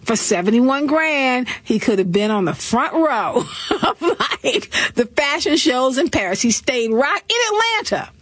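Sassy high-voiced woman host. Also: unhurried, dry recording. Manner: animated, sassy storytelling with laughs and mock voices. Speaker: talk show host. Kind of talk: comedic gossip commentary.

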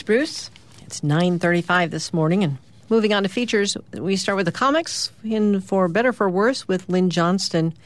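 A middle-aged woman, a radio host, describing the morning's comic strips aloud in a lively storytelling way. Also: fairly low pitch. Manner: lively storytelling, lifting her voice for characters' lines.

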